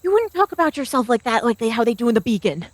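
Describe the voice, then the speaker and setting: A woman's voice: fairly high pitch, big pitch swings, fast talker, no room sound. A woman narrating as game master in a tabletop role-play, slipping into the other characters' voices.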